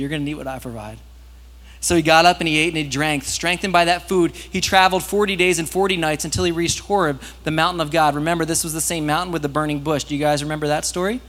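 A pastor giving a sermon in a lively, conversational way, with loud, rising peaks. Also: male voice, a little high. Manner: animated, conversational preaching that rises to loud peaks. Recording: long hall reverb.

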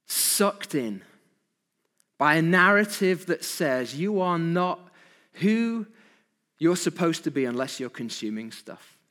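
Preacher with a lively voice. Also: male voice, high-pitched, big-room sound. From Britain. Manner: rhetorical questions to the congregation, emphatic. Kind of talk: evening sermon.

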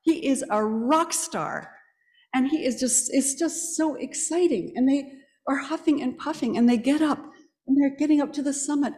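A woman preaching a sermon in a church, telling the story in a lively way and quizzing the congregation. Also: on the high side. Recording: echoey church hall.

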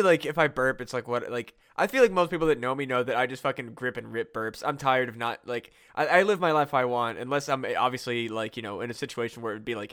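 A man's voice: medium pitch, fairly bright tone. A young man co-hosting a podcast, rambling casually with swearing and restarts. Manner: rambling, profane, restarts a lot. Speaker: podcast co-host. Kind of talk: casual chat.

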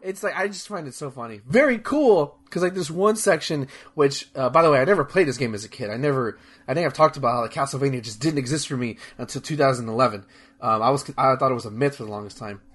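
A man's voice: mid-range voice, fast talker, fairly bright tone, slightly rough. A young man chatting casually as a podcast host, rambling and enthusiastic, with lots of fillers, restarts and swearing. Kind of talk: casual chat.

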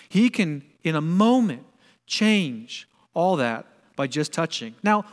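A pastor delivering a sermon, preaching earnestly and emphatically and asking rhetorical questions. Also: male voice, sits high, fairly bright tone. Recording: long reverb of a large hall.

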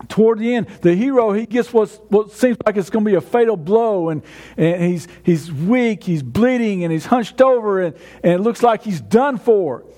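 A man's voice: high voice, mellow. A man preaching a sermon in a conversational way, often restarting his words. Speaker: pastor.

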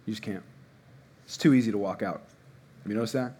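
A man in his thirties preaching a sermon in a church, casual and conversational with sudden loud bursts. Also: lowish voice, quick pace, a little hiss or hum. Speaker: pastor. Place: church hall before a congregation.

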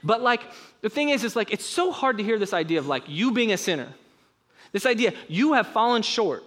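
A young man preaching a sermon, earnest and conversational, with quick casual asides. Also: high voice, a bit bright. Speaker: pastor.

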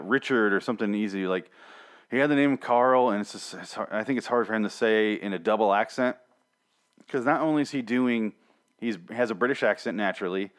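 A man giving a casual, rambling spoken review of a TV special, blunt and sometimes swearing, often restarting his words. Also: fairly low pitch. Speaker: TV show reviewer.

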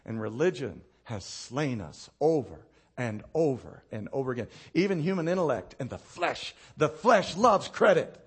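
A very animated male pastor preaches at normal speed with hardly any pauses, his voice slightly rough. He tells stories, laughs at his own anecdotes, drops low and quiet to land points, and asks the congregation for responses.

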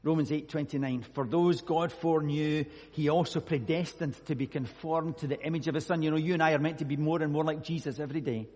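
A man's voice: fairly high pitch, fairly even intonation, fast, hardly any pauses, a little mellow, slightly rough, in a large hall. A Scottish man preaching a sermon, telling a personal story earnestly and reading scripture. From Scotland.

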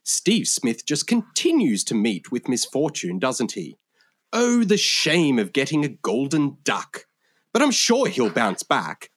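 A man's voice: medium pitch, wildly swooping pitch, a little slow, no echo, clean studio sound, pitched above the performer's own voice. Man putting on a prim, posh English gent. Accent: put-on posh English. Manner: formal, flowery phrasing. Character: prim, pompous English gentleman.

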